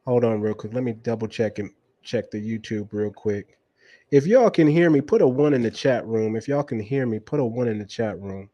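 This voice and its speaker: A man's voice: lowish voice, fairly even intonation, brisk, warm tone, dry recording, dull audio. A man hosting a casual livestream interview who keeps speaking straight to his viewers and checking the stream.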